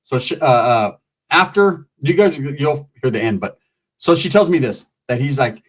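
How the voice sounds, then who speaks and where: A middle-aged man telling a comic street story, animated and profane. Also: mid-range voice, moderate pace, breathy edge.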